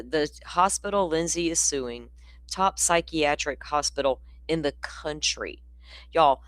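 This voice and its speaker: In a dry recording, a woman with a voice that sits low hosts an easygoing livestream. She rambles bluntly, swearing freely, and keeps yawning because she's sleepy.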